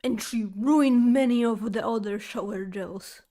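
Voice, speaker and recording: A woman streamer telling a chatty, exaggerated story to her viewers, with halting phrasing full of fillers and restarts. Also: on the high side, warm tone. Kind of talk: casual storytelling chat.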